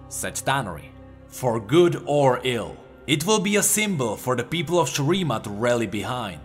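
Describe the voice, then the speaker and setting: A man from the Czech Republic narrating a fantasy story in an expressive, dramatic reading. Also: mid-range voice, moderate pace. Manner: expressive, animated. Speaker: lore narrator. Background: faint background music.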